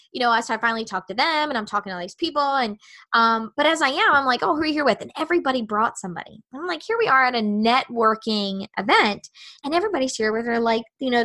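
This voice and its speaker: Woman podcaster in her thirties, bright and slightly high voice, chatty storyteller. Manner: animated, chatty, acts out her own inner voice. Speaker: podcast host. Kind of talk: personal storytelling monologue.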